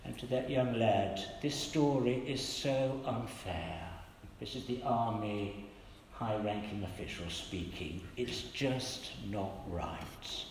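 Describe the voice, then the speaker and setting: An older man preaching a sermon, telling stories gently and quoting the people in them. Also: mid-range voice, a little hiss or hum. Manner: gentle storytelling with quoted voices. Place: church. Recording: echoey church hall with long reverb.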